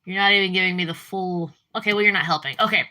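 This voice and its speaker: A woman streamer chatting casually with her live chat, rambling and jumping up in pitch when she gets worked up. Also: quick pace, bright, forceful tone. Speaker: livestreamer.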